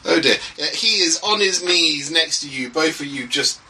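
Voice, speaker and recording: Game master guy, chatty and casual, bright voice, mic kinda far. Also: a little high, animated, normal speed, slight background noise. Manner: casual, lots of "like" and "um". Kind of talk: narrating a tabletop horror game.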